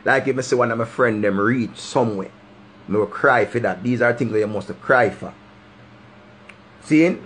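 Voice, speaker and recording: Speaking at a moderate pace with long pauses, this Jamaican-accented man delivers fervent, sermon-like life advice directly to the camera, hammering his points through repetition. His voice is mid-range and fairly bright, with a little hiss or hum in the audio.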